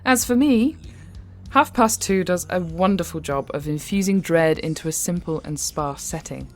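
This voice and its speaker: A woman's voice: on the low side, moderate pace, soft background music. Wry English woman hosting a podcast. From England. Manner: wry, conversational, lightly humorous. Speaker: podcast host. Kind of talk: reflective commentary after a story.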